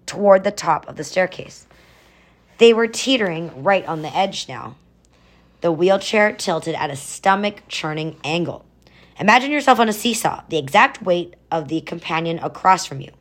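A woman's voice: lowish voice, expressive, moderate pace. A woman narrating a children's adventure story, adding chatty explanatory asides.

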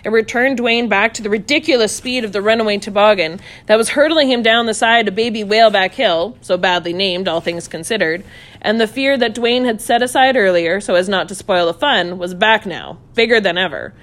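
A woman reading a children's story aloud, playful and animated, voicing sound effects as she goes. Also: mid-range voice, a little fast.

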